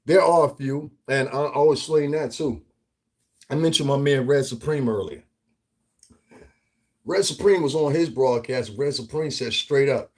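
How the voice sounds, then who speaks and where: Brief: husky male vlogger from the US Northeast, profane, animated, ranting commentary. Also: mid-range voice, normal speed. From Northeastern United States. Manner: profane, animated, laughs often, acts out quotes. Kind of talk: casual commentary rant.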